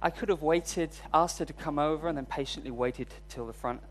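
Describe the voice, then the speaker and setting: A man's voice: fairly high pitch, brisk. A man preaching a sermon, telling a personal story in a candid, self-deprecating way. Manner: storytelling, voice rising when recounting frustration.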